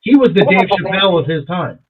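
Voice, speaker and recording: A man's voice: high voice, lively intonation, brisk, a loud crowd. A man co-hosting a casual podcast chat, rambling and swearing with enthusiasm. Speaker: podcast co-host. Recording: tinny phone-like sound.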